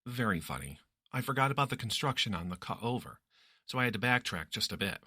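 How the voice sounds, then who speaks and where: A man's voice: mid-range voice, sing-song, quick pace, sharp tone, husky, dry recording, studio quality, full character voice. A man playing a flustered young guy. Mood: exasperated. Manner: exasperated, incredulous.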